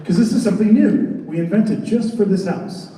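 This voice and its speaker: High-voiced man presenting in an echoing hall. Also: moderate pace. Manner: animated, joking storyteller. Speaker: haunted attraction designer on a panel. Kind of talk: convention panel presentation. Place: large convention center hall. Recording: echoey convention hall from far off.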